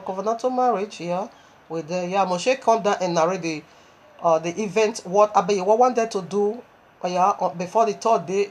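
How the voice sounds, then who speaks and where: A woman preaches, reading long scripture passages aloud and breaking into her own comments between verses. Her voice sits in a middle pitch for a woman. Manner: reads scripture aloud, breaks off with asides and laughs.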